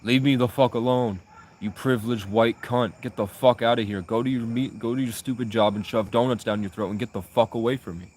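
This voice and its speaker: A man acting out a territorial street man who yells strangers away in a profane, aggressive bark. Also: mid-range voice, steady tone, fairly quick, a little hiss or hum, lightly acted. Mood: angry.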